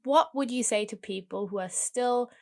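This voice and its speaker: Soft-spoken woman interviewing. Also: a little high, moderate pace. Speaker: podcast host. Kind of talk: interviewer asking questions.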